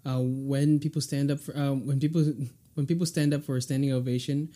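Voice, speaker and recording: Man hosting a quick-fire question game. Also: medium pitch, little pitch movement, dark tone. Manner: laughs often, stumbles and restarts. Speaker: podcast host. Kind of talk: casual rapid-fire questions.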